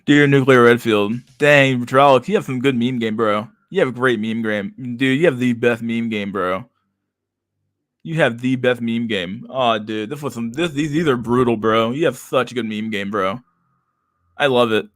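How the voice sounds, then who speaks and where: A man's voice: mid-range voice, normal speed, a bit bright, no echo, clean studio sound. A man streaming casual commentary, reading comments aloud in a rambling, stammering way with frequent laughter.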